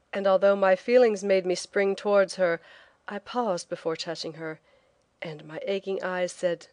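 A woman reading a travel memoir as an audiobook narrator, telling it in a clear, lively way. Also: medium pitch, normal speed, no echo.

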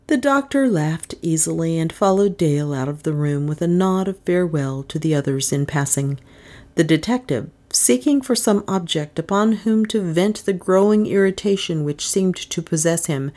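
A woman narrates a novel in a low, deep register. Her reading is measured, with a lively, rolling melody. She gives the characters light voices of their own. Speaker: audiobook narrator.

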